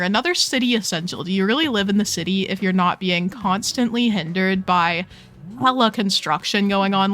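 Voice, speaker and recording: A woman's voice: mid-range voice, fairly bright tone. Bubbly young woman gushing over a game. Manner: bubbly, gushing, playful slang. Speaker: host touring game islands. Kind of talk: casual gameplay commentary.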